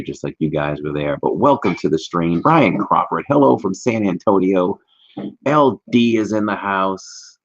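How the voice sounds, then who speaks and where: Deep gravelly guy hosting a chatty home livestream, saying hi to viewers, kinda muffled lo-fi audio. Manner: chatty, greets viewers by name. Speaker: livestream host. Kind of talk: casual livestream chat. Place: warm room at home. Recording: slightly dull lo-fi stream audio.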